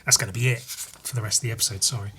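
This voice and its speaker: A man's voice: lowish voice, steady tone, rapid-fire, pushed and bright, husky. A man hosting a podcast, casually reading a comic aloud, rambling, laughing and muttering asides. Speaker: podcast host.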